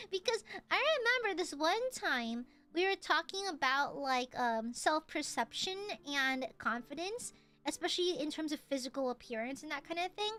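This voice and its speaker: Giggly high-voiced young woman streamer. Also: expressive, moderate pace, bright, forceful tone, faint music behind. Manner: giggly, laughs often; swears casually. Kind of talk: casual chat.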